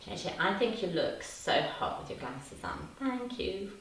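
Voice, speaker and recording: Woman in her 50s, low voice, live-chat host who reads out comments and laughs a lot; distant mic in an echoey room with faint hiss. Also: big pitch swings, a little slow. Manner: chatty, laughs often, answers comments warmly. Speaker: livestream host. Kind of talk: casual livestream chat reading viewer comments.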